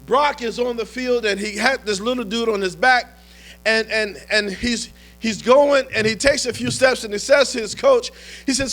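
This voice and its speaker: High, bright-voiced male pastor preaching. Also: normal speed. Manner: storytelling, rising to impassioned shouts. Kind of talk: sermon.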